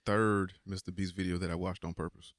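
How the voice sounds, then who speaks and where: A man co-hosting a casual podcast, quick and joking, swearing as he talks. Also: low-pitched, level tone, no echo, studio quality. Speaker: podcast co-host.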